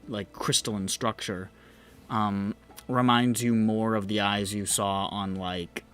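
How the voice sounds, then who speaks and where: A man acting as game master for a tabletop game, describing scenes slowly and tentatively. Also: lowish voice, steady tone, a bit bright, smooth. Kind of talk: narrating a tabletop game, casual chat.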